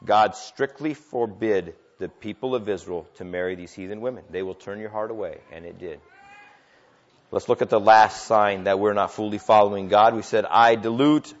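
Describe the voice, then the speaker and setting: A man preaching a sermon as pastor, swinging between loud emphatic declarations and quiet, intimate asides. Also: on the low side, fairly even intonation, normal speed. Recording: dull lo-fi church recording.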